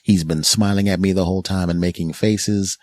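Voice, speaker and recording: A man's voice: low-pitched, steady tone, fairly quick, a little mellow, no room sound, natural voice. A man voicing a rambling, bossy baby boy who talks like a grown-up. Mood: chatty. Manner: rambling, matter-of-fact, bossy. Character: chatty bossy baby boy, talking like an adult.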